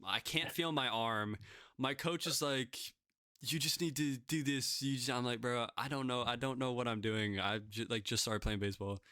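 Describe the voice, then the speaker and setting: A man's voice: medium pitch, moderate pace, bright, forceful tone, clear, resonant tone, no room sound, studio quality. A young man casually telling self-deprecating stories, rambling with lots of fillers. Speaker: podcast guest pitcher. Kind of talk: casual storytelling.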